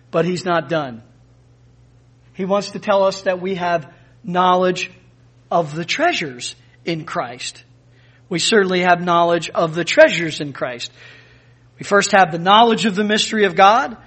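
High-pitched emphatic male preacher. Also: measured pace, fairly bright tone. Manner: emphatic preaching with dramatic rises in pitch and volume; acts out quoted speakers in scripture. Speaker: pastor. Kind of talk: sermon.

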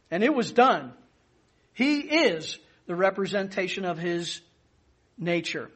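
A man's voice: extremely high pitch, fairly bright tone. A man preaching a sermon as pastor, teaching emphatically and stressing key words.

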